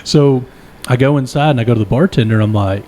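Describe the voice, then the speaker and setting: A man's voice: medium pitch, racing. A young man co-hosting a podcast, telling a long, profane, rambling story in a casual, self-deprecating way and laughing often. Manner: animated, profane, rambling anecdote. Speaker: podcast co-host.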